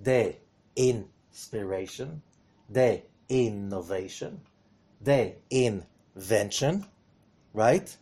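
A man with a lowish, breathy-edged voice gives an animated Torah lesson, speaking extremely slowly and pausing often. He poses rhetorical questions and swings between loud emphasis and hushed remarks.

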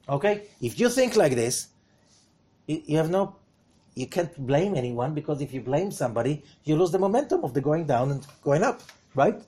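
Man, Torah teacher, lively lesson full of rhetorical questions, slightly high voice. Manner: animated, rhetorical questions, swings from loud to hushed.

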